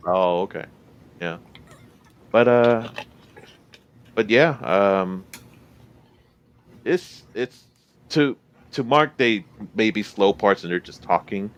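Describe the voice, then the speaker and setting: A man with a very low voice talks through a film in casual podcast chat. He hesitates often and fills the gaps with filler sounds as he gathers his thoughts. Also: lo-fi sound. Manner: hesitant, many filler pauses. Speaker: podcast co-host. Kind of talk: casual movie discussion.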